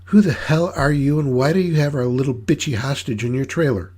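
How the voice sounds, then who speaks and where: A man's voice: mid-range voice, brisk, a little mellow, pitched above the performer's own voice, lightly acted. A man voicing a huge, menacing female sideshow boss with a sweet, light voice and a bossy, threatening manner. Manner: bossy, threatening, shrieks when angry.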